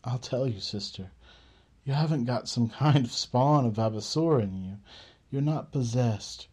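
Guy doing a tough street-smart woman, plainspoken, slow and steady. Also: medium pitch, breathy edge. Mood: reassuring. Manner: blunt, plainspoken, coaxing. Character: tough streetwise woman, blunt but caring.

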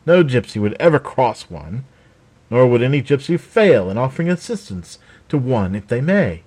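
A man voicing a calm, wise male traveler who speaks earnestly as a peacemaker in a storybook reading. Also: medium pitch, moderate pace, slightly rough.

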